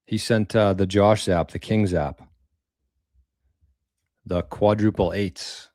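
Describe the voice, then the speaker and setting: Rambling low-voiced man chatting live. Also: fairly even intonation, slow, a little mellow, no room sound, clean studio sound. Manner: rambling, repeats words, mild slang. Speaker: livestream host reading viewer tips. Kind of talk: casual live-stream chat.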